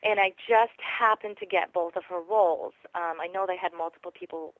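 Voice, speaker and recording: A woman with a lowish voice, talking through her craft in a relaxed, rambling way. She thinks aloud with plenty of ums and likes. She is recorded close and dry, with no room sound. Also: brisk, no room sound, poor audio. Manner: reflective, chatty, many fillers. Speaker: voice actress, interview guest. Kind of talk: casual interview chat.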